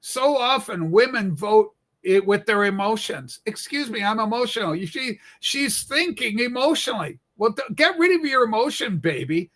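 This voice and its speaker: High, bright-voiced loud profane man. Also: sing-song, normal speed, hardly any pauses. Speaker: political livestream co-host. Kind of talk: crude political banter.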